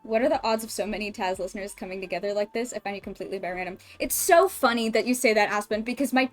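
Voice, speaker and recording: A woman streaming at home, chatting casually, emotionally expressive and swearing often. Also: medium pitch, fast, soft background music. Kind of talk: casual livestream chat.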